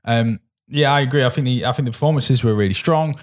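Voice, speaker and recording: A man talking through a film in a casual review chat. He rambles, restarts his sentences and trails off as he searches for the right words. His pitch sits in the ordinary middle for a man. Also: fast. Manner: rambling, frequent restarts and hesitations. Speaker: podcast co-host.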